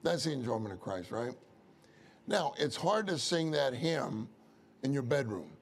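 A man's voice: medium pitch, sing-song, unhurried, gravelly, slight background noise. A man preaching a conversational church sermon, often asking the congregation questions.

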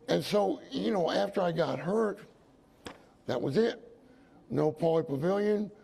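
A man's voice: high voice, gravelly, a little mellow. A man preaching a sermon, telling a personal story with repeated phrases and asides to his congregation. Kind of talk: sermon testimony.

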